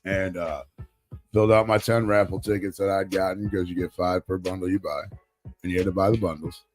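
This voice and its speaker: A man co-hosting a live talk show, telling a rambling, profane, animated story about winning a raffle. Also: low-pitched, fairly quick, faint music behind. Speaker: podcast co-host. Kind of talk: casual storytelling chat.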